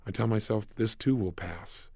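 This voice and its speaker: A man puts on a relaxed client sinking into calm, his voice slow, hushed and soothing. It rests low and soft, with a gravelly edge, in a dry close sound. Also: no room sound. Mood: calm, dreamy. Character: calm relaxed adult client recalling peace.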